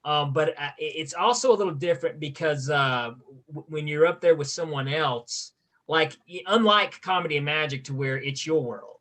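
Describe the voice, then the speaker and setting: A male podcast host in casual conversation, his voice bright and a touch high. He talks hesitantly, circling back with fillers and restarts as he finds his words. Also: normal speed.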